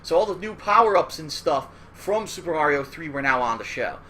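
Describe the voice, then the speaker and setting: A man hosts a casual, rambling retrospective on old cartoons, profane and loose, often checking in with "all right?". His voice is fairly high, expressive, fairly quick, pushed and bright, with a little hiss or hum on the recording.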